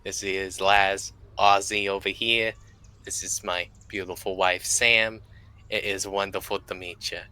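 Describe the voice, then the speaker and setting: A man's voice: low-pitched, flat delivery, unhurried, bright, forceful tone, smooth, heavily acted. A man playing a brash, cheeky adventurer.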